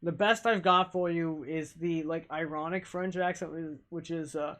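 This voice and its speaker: A man streaming live, chatting casually with viewers in a halting, self-deprecating, rambling way. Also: a little high, steady tone, fairly bright tone.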